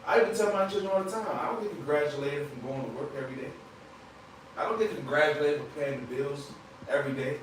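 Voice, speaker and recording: A faint hiss and heavy room echo surround this distant, slightly high-voiced man as he leads a Bible study. He moves quickly, talking casually and checking in with "right?" along the way.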